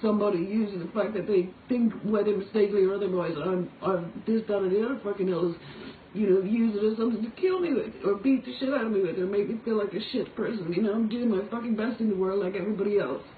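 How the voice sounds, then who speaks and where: A woman's voice: medium pitch, fast talker. An Irish woman in a motel room, giving a raw, profane, pleading confessional monologue to a phone. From Ireland. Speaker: singer making a personal video. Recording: echoey, distant, tinny phone-like audio with faint noise.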